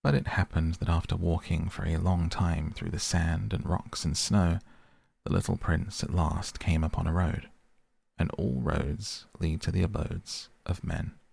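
A man narrates a storybook audiobook in a measured, gentle way. His voice is very low and heavily gravelly, with a husky grain. The recording is close and dry. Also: steady tone, dry recording. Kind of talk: audiobook reading.

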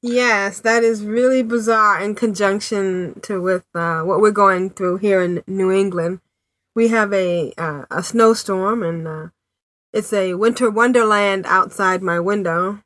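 A woman's voice: mid-range voice, steady tone, a little slow, fairly bright tone, no echo. A woman hosting a podcast, chatting casually with many fillers and frequent laughs. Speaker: podcast host. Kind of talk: casual chat. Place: home in New England city.

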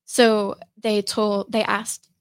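A woman's voice: mid-range voice, level tone, clean tone, no room sound. Young woman telling a personal story, dry mic. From Michigan, USA. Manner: halting, full of fillers and restarts. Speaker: podcast guest.

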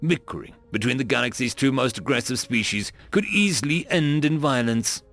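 A man narrating a science fiction story in first person with expressive storytelling. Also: medium pitch, moderate pace. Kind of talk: scripted narration of a sci-fi story. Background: faint music.

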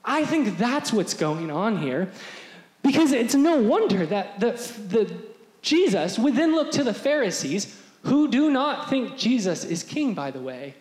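A man preaching a sermon as pastor, animated and acting out the voices of crowds. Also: high voice, measured pace. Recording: echoey hall with long reverb.

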